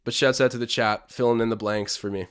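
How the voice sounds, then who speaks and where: A young Canadian man hosts a live basketball watch-along, calling the plays and chatting with viewers as he swings between hype and groans. His mid-range voice is smooth and animated, and he talks fast in this excited live commentary with chat.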